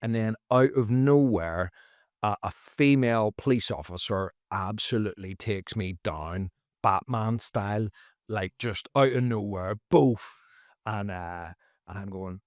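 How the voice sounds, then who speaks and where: A man, a comedian guest on a podcast, telling a story casually and jumping into high, loud voices for the people he quotes. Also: unhurried, dry recording, studio quality. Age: adult, former teacher.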